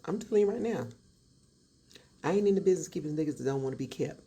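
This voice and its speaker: A woman's voice: sits low, lively intonation, quick pace, long pauses, mellow, breathy edge. A woman telling a true story in a dramatic, sassy storytime style, acting out each voice. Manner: dramatic, sassy, acts out every voice. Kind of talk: animated storytime.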